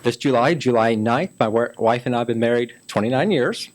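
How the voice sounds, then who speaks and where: A man's voice: mid-range voice, brisk. A man in his fifties from Memphis, Tennessee, a city council candidate telling his life story in a folksy, chatty way during an interview. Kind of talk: casual interview chat.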